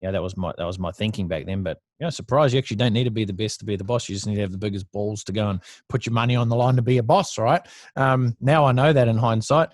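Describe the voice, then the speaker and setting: Blunt, profane Australian man, lowish voice. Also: quick pace, few pauses, dry recording. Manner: blunt and profane, laughs often. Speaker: podcast guest. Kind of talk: casual storytelling interview.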